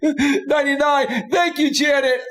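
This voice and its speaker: This is a man hosting a live stream, laughing through most of it and letting his words stretch out slowly. His voice sits fairly high for a man. Now and then he bursts into loud, excited thanks to his donors. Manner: slow, drawn-out delivery with loud outbursts. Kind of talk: live stream chat reading.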